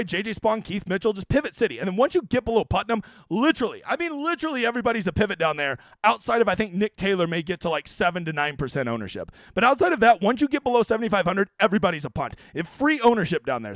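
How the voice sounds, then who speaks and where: A man's voice: high voice, fairly bright tone, no echo. A man hosting a casual streamed fantasy-golf picks talk, brash, profane and joking as he runs through his picks. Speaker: fantasy golf analyst host.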